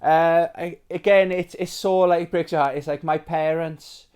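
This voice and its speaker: A British man in his forties hosting a nostalgic show-and-tell about old games, rambling and chatty with plenty of fillers, excitable and sentimental. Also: a little high, moderate pace, clear, resonant tone. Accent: British English. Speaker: retro game collector host.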